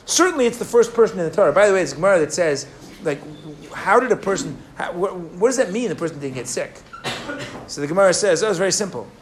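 High-voiced man giving an animated sermon. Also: quick pace, slight background noise. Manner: animated, questions the audience, restarts often. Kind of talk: sermon with storytelling.

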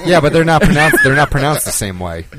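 Lively wisecracking man over loud noise. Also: fairly high pitch, fast. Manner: short wisecracks and laughing asides. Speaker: podcast co-host. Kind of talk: casual chat.

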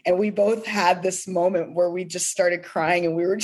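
A woman's voice: fairly low pitch, steady tone, moderate pace, a little mellow. A woman singer-songwriter talking in a heartfelt, emotional way during a podcast interview, often laughing. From pastor's kid.

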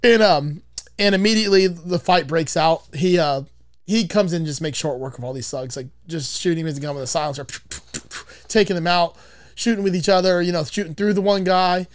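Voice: medium pitch, fairly quick, no room sound. A podcast host casually retelling a movie's plot, rambling with frequent swearing.

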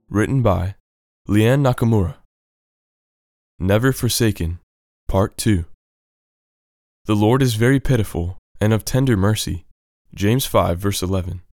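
A man narrating a scripted devotional story for a podcast, reading in a steady, measured way. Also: fairly low pitch, dry recording, studio quality.

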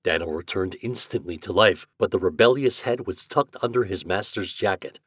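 A man narrating an old holiday story aloud in an expressive, lively manner. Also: sits low, normal speed, breathy edge, no room sound, studio quality. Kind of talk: storybook reading.

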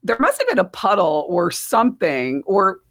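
A woman's voice: mid-range voice, sing-song, moderate pace, fairly bright tone. A middle-aged woman with a New Jersey accent, hosting a podcast in casual, rambling chat and laughing often. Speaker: podcast host.

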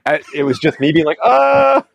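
A man from Vancouver, Canada, tells a story as an interview guest. His voice sits low, and it is recorded dry and close. He talks in a lively way and acts out the quotes. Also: a little fast, no room sound, lo-fi sound. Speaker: guest, business coach. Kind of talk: animated storytelling in a casual interview.

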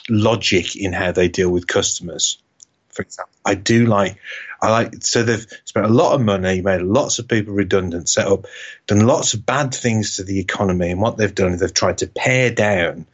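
A man telling a rambling, self-mocking anecdote in casual chat as a podcast co-host. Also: low-pitched. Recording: dull lo-fi sound.

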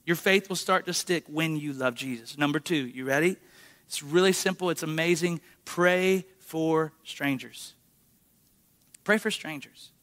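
A man with a high, bright voice preaches in a church. He keeps it conversational and lively, often checking in with the congregation. His tone stays clear and ringing throughout. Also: moderate pace. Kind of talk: sermon.

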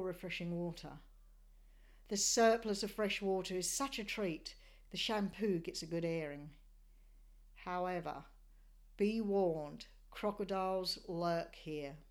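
With a mid-range, slightly mellow voice, an Australian woman delivers scripted travel narration about a sailing voyage. She tells it as measured, descriptive storytelling.

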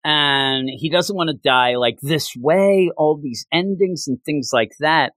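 In a dry recording, a man with a voice on the high side talks slowly in casual chat while reviewing a comic issue. He's animated, acting out scenes with quoted lines as he retells them, and often uses fillers and restarts.

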